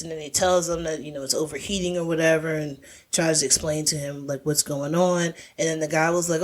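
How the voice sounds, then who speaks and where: Low-voiced woman rambling through a story. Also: brisk. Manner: rambling, animated storytelling full of fillers. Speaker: podcast co-host. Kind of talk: casual chat recapping a film.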